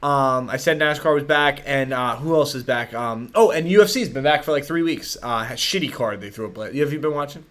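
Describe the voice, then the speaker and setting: A man hosting a podcast in casual chat, rambling and profane, getting excited as he talks. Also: medium pitch, moderate pace, few pauses. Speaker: podcast host.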